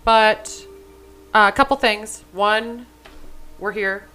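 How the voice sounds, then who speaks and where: A young woman co-hosting a podcast with a smooth, clear voice at an ordinary pitch. She talks in loose, casual chat, blunt and emphatic, with plenty of swearing. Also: steady tone, slow pace, pushed and bright, poor audio. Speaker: podcast co-host.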